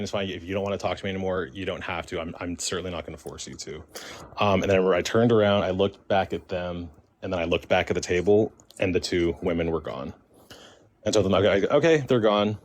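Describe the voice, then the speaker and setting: A man casually telling a true ghost encounter as a caller on a live stream, rambling with many fillers and quoting the conversations himself. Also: sits low. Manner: rambling, heavy with fillers and restarts, quotes himself and others. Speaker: caller sharing a paranormal experience. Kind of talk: casual spoken storytelling. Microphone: phone or stream mic.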